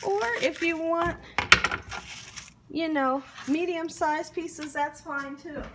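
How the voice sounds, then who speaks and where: A woman's voice: sits high, fairly even intonation, slow, background noise. A woman hosting a home cooking demonstration in her kitchen, chatty and encouraging, often checking in with her viewers. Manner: chatty, encouraging, asks "you hear me?" often. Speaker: cooking show host.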